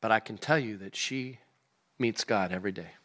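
A man preaching a sermon to his congregation in a lively, animated way, acting out the people in the scripture. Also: lowish voice, normal speed. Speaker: pastor. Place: church sanctuary.

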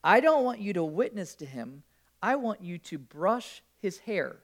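Calm, insistent voice of God, soft and slow, read by a male preacher. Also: high-pitched, full character voice.

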